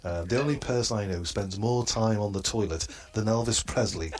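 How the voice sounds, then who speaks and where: A man doing a comedy roast in a halting, hesitant delivery and chuckling at his own crude jokes. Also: lowish voice. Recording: noisy line.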